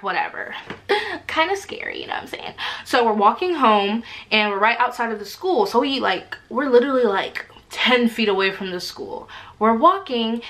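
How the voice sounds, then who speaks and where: A young woman vlogger in her twenties sits at home and talks straight to the camera. She tells her stories in a loose, animated way, full of fillers. Her voice is bright and forward. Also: medium pitch. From Alaska. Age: 20s. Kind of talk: casual storytelling to camera. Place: home room.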